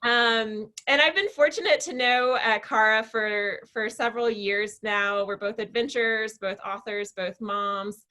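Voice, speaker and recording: Bright-voiced woman hosting a book chat. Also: a little high. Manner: chatty, warm storytelling with fillers. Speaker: book club host. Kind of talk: interview.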